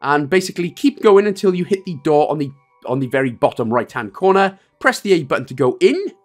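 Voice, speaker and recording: A man's voice: fairly high pitch, big pitch swings, fairly quick, soft background music. A man with a Welsh accent hosting a game walkthrough, giving step-by-step instructions with chatty, self-mocking asides. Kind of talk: joking gameplay walkthrough commentary.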